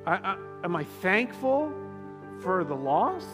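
A preacher doing doubtful Gideon. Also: male voice, sits high, very animated, takes it slowly, in a large hall, music in the background, full character voice. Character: Gideon, doubtful humble male farmer-warrior. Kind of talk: sermon.

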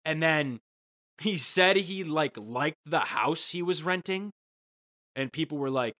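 Bright, sarcastic ranting man. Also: fairly high pitch, animated, unhurried. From Ohio. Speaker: podcast co-host. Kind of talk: casual comedic chat.

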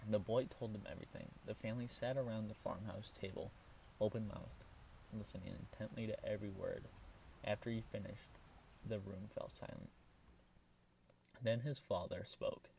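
Man reading a fairy tale, calm and measured, low gravelly voice, recorded from a distance. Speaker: storyteller.

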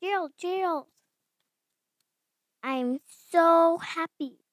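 A woman voicing an excitable, cheerful female pig from a picture book in a slow, eager, sing-song reading. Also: extremely high pitch, no echo, full character voice. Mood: excited.

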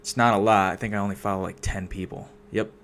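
With a fairly low, a bit bright voice and fairly even intonation, a young man talks fast into a desk microphone, and a little hiss or hum can be heard. He's a solo vlogger on an unscripted, casual rant, rambling with many filler words and swearing all the time.

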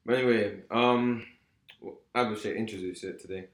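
A man's voice: lowish voice, steady tone, moderate pace, heavy background noise. A man hosting a casual podcast, teasing his friends in loose slang. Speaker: podcast host. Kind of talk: casual group chat. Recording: roomy room.

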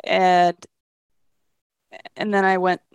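A woman speaking in a relaxed chat with a gravelly edge to her voice, recorded close and dry. She tells her stories animatedly and acts out the lines of the people in them. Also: fairly low pitch, extremely slow, no room sound. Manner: animated storyteller, acts out quotes. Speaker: guest, shelter project manager. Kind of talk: casual conversation.

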